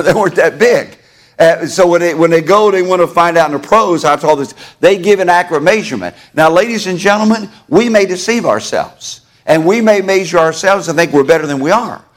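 A man preaching a sermon to his congregation in a church, folksy and conversational, calling on listeners by name. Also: fairly high pitch. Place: church sanctuary.

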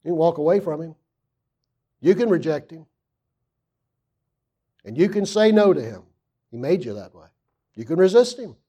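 A man preaching a sermon, reading scripture aloud and asking the congregation questions, swinging from loud emphasis to hushed asides. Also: on the high side, animated, moderate pace, pauses often, breathy edge.

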